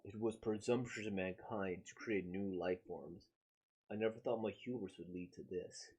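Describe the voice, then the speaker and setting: A man voicing a remorseful middle-aged scientist, speaking quietly and solemnly. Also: low-pitched, moderate pace, slightly rough. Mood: regretful.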